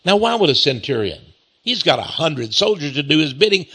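A man preaching a sermon-style Bible lesson, asking rhetorical questions, repeating words and reading scripture slowly. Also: on the high side, very animated, pushed and bright, breathy edge.

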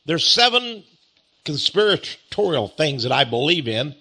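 Chuckling Texan man, lively sarcastic drawl. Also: on the high side, unhurried, breathy edge. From East Texas. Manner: chuckling, drawling, sarcastic, repeats phrases with mock pride. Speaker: host. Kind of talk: monologue reading and mocking a critical article.

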